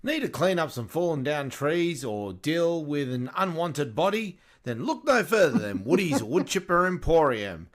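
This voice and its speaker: A man playing a cheesy TV ad pitchman in a parody advertisement, with a hard-sell delivery. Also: sing-song, unhurried, hardly any pauses. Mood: salesy. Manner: hard-sell ad read, barely holding back laughs.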